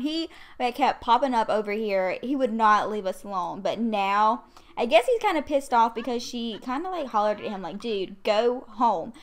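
Woman gamer, slightly high voice, chatty, easily irritated, casual swearing. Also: fairly bright tone. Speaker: gaming video creator. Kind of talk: casual gameplay commentary. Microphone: USB condenser desk mic.

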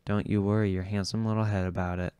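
A man's voice: lowish voice, little pitch movement, fast talker, dark tone, clear, resonant tone, no echo, natural voice. A man reading the part of a drag queen who coaxes and reassures a friend affectionately. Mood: coaxing. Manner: coaxing, affectionate.

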